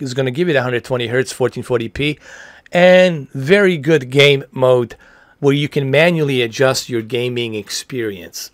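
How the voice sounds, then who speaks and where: A man in his forties chats loosely on a livestream, rambling and friendly with casual slang. His voice sits at a middle pitch. The sound is dry and close, with no room echo. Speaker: livestream host answering TV questions.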